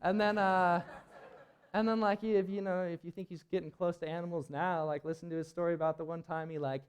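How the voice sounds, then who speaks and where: This young presenter at a climbing event has a high, clean-toned voice with little pitch movement, speaking fairly quickly. He tells a live auditorium audience a rambling climbing story, laughing and leaning on filler words.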